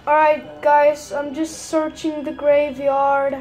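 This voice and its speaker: High-voiced woman in a put-on Irish accent. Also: flat delivery, takes it slowly, darkish tone, soft background music. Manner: rambling and hesitant, with many fillers. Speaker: gamer. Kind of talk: casual gameplay commentary.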